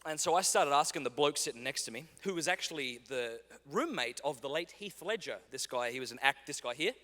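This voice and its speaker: Bright-voiced man giving a keynote. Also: on the high side, brisk. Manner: animated, comic, acts out dialogue. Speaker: keynote speaker. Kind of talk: humorous storytelling keynote speech. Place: large conference hall. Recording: big hall with long reverb.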